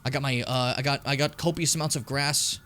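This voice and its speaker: A man giving casual, animated commentary while playing a video game, swearing and yelping when things get tense. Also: mid-range voice, fairly quick. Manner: animated, swearing, yelps and pleads when in danger.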